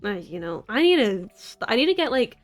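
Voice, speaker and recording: A woman's voice: a little high, big pitch swings, a little fast, soft background music. Giggly, rambling American woman streamer. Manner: rambling, giggly, self-deprecating. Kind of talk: casual chat stream. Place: apartment room in a city. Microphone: desk mic.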